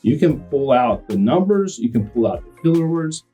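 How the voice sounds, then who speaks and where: A man who works as an auctioneer explains his chant slowly, then breaks into quick rhythmic number runs. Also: mid-range voice, sing-song, mellow, faint music behind. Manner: slows down, then bursts into rapid chants. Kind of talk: explaining and demonstrating.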